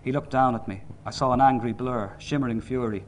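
A man reading a novel aloud in measured, sombre narration. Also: medium pitch, fairly even intonation, slight background noise. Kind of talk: audiobook narration.

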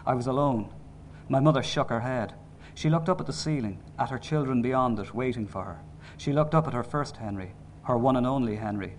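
A man reading a novel aloud in measured, sombre narration. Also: medium pitch, a little hiss or hum. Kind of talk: audiobook narration.

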